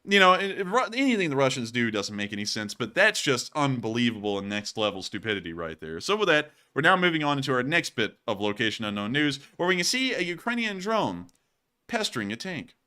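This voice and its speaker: A man hosting casual commentary on war footage, joking and excitable and quick to laugh. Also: medium pitch, clean tone. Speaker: host.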